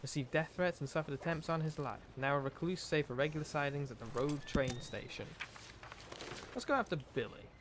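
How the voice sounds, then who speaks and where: A man's voice: fairly high pitch, brisk. A man streaming a game live, reading its text aloud in a put-on accent and talking through what he sees. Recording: background noise over game audio.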